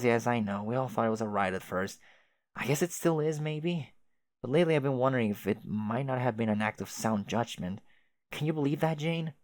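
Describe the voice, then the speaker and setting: A man's voice: mid-range voice, no echo, natural voice. A man voicing a chatty, oblivious young male adventurer who rambles with old-fashioned folksy exclamations.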